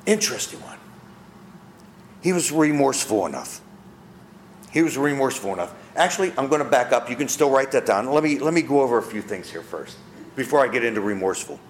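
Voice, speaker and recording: A man's voice: medium pitch, animated, fairly quick, slight background noise. A man preaching a sermon, asking his listeners rhetorical questions. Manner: asks the audience rhetorical questions; acts out quoted people in character. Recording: echoey room.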